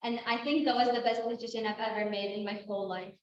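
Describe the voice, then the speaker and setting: A woman's voice: fairly high pitch, steady tone, quick pace. A young woman in her twenties giving a sincere, slightly nervous prepared talk as a student speaker. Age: 20s. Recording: very echoey, muffled room sound with faint noise.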